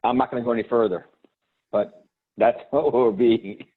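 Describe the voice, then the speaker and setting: A man's voice: medium pitch, fairly even intonation, moderate pace, husky. Man hosting over a tinny line. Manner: rambling, hesitant, many fillers. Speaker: host. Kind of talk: hosting a live video call.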